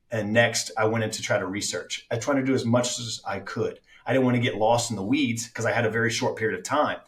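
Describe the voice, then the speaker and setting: A man's voice: medium pitch, a bit bright, echoey room, distant mic. A man speaking as an actor guest on a casual podcast, reflective, with many fillers and restarts.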